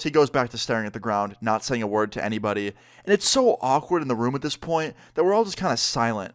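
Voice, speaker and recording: Animated young man telling a story. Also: medium pitch. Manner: animated, profane, heavy use of "like". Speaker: vlogger. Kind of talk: casual storytelling.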